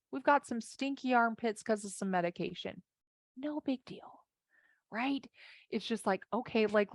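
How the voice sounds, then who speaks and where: A woman life and marriage coach giving an animated, conversational talk, acting out inner voices as she goes. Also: medium pitch, dry recording, studio quality.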